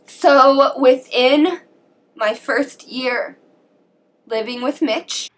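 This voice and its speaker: Slow-talking, shaky-voiced young woman vlogger. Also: sits high. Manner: halting and emotional, often near tears. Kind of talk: personal storytelling to camera.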